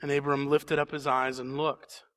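A man's voice: medium pitch, flat delivery, moderate pace, sharp tone. A man preaching a sermon in a church, reading scripture and then building to emphatic questions. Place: church sanctuary.

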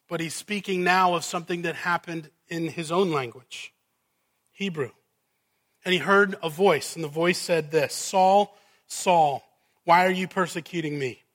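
A man with a high, bright voice preaches a sermon in an unhurried, deliberate way. He climbs to loud, emphatic peaks and then sinks to hushed asides to his congregation. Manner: preaching with swelling emphasis and dropping to quiet asides.

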